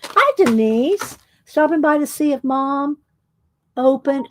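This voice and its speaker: A woman's voice: sits high, measured pace, dry recording. A woman chatting casually on a livestream, short of breath and exclaiming as she reads viewer comments. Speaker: livestream host.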